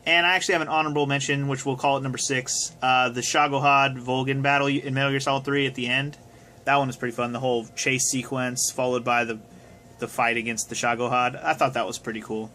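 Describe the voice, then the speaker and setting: Bright-voiced young man chatting casually. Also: mid-range voice, flat delivery, fast, slight background noise. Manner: rambling, casual, swears. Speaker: video host answering viewer questions. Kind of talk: casual chat. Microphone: phone camera.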